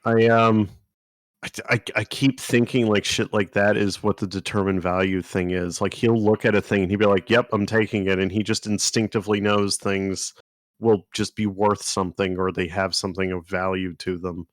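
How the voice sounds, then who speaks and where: A man with a fairly low voice chatting on a book podcast, trading crude jokes and swearing freely. His voice is dry and close, with no room sound around it. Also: flat delivery, normal speed, no echo. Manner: crude, joking, laughs at his own lines. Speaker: podcast co-host. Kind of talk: casual book-club chat.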